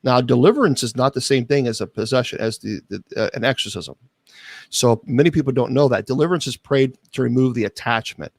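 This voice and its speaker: A man's voice: medium pitch, brisk, a little mellow, dry recording. A man from Kentucky with a light Southern accent, a bishop and exorcist guest talking earnestly in a casual podcast interview, often repeating his opening words. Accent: American Southern. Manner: earnest, repeats words when starting sentences.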